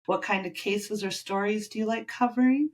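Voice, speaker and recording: Woman host with a stuffy nose, chatty and friendly, medium pitch. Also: steady tone, normal speed. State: stuffy, has the sniffles. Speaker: podcast host. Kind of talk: casual chat.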